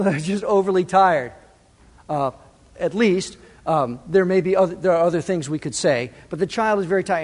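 A man preaching a sermon as pastor, lively and direct, speaking to the congregation and to the children in it. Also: sits high. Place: church sanctuary. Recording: long reverb of a large hall.

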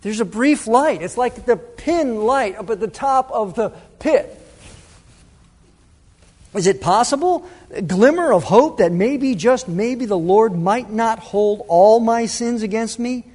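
A male pastor preaching a sermon to his congregation, dramatic, swinging between loud emphasis and hushed asides. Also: very high-pitched, animated, slow. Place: church sanctuary. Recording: reverberant church hall.

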